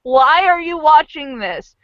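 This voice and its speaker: A woman game master in casual, chatty talk about a tabletop game, excitable and full of fillers. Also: high-pitched, measured pace, no room sound, dull audio.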